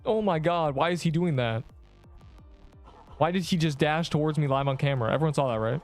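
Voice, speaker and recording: A man's voice: fairly high pitch, a little fast, faint music behind. A young man streaming a game, joking and rambling as he teases the viewers in his chat. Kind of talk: casual gameplay livestream chat.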